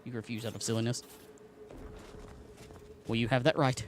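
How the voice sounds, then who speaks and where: A man's voice: medium pitch, steady tone, normal speed, a little hiss or hum. A man with a Southern US accent chatting casually and jokingly while streaming a game live. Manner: chatty, joking, talks to his cat and chat.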